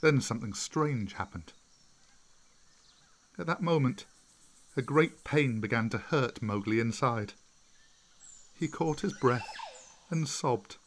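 A man narrating a storybook in an expressive reading voice. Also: mid-range voice, slow pace, long pauses.

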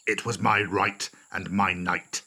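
A man's voice: low voice, little pitch movement, slow, bright, forceful tone, slightly rough, heavily acted. A man voicing a smug, cruel tiger. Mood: boastful. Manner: cool and smug. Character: cruel, boastful lame male tiger.

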